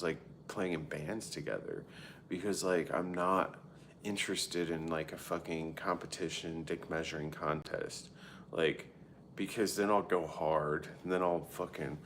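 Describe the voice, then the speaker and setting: A man's voice: low-pitched, a little hiss or hum. A man in his thirties chatting candidly on a livestream, cursing freely, rambling with lots of "like" and answering viewers as he goes. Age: 30s. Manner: frequent filler "like" and self-interrupting. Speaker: live streamer. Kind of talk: casual chat answering viewers.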